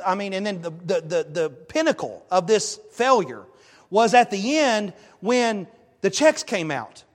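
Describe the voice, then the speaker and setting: A male pastor delivers a sermon with a high, bright voice. He tells stories in an animated way, pushing his voice up for emphasis. A long reverb from the church hall hangs on every word. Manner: animated storytelling, emphatic rises. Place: church sanctuary.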